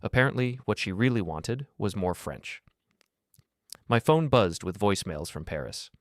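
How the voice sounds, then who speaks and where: Man narrating, scripted first person, calm, cold, measured, lowish voice, dry close sound. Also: no room sound.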